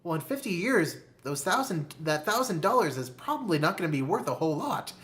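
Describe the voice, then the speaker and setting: Addressing the camera with a motivational talk on money, a personal finance host uses a medium-pitched, fairly bright voice with big swings in pitch. Key phrases get slow, deliberate emphasis, the listener is called "my friend," and rhetorical questions come throughout.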